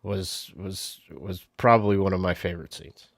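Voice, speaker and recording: A man's voice: sits low, fairly even intonation, moderate pace, no echo, studio quality. A man co-hosting a casual movie review chat, retelling scenes and acting out the characters' lines. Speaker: podcast co-host.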